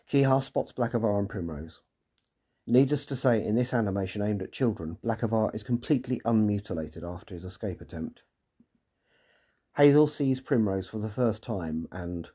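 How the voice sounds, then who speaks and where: A man narrates a scripted podcast recap, slipping in dry, sarcastic comments as he goes. His voice sits low and mellow, with a husky edge. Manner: dry, wry and sarcastic asides.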